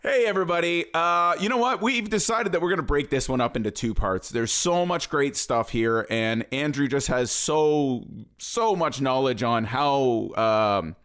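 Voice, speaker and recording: A man's voice: mid-range voice, moderate pace. A man hosting a podcast, joking with his guest and wrapping up the episode. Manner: joking, lively wrap-up. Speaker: podcast host. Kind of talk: casual podcast chat and sign-off.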